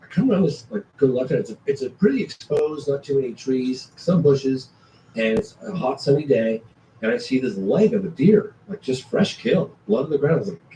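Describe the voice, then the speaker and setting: A man tells a hiking story with energy, his voice mellow and low in tone, jumping from whispers to sudden exclamations. He sounds distant from the mic in an echoey room, with faint ambient noise behind him. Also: brisk. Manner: animated storyteller, acts out his own past thoughts. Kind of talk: casual storytelling chat.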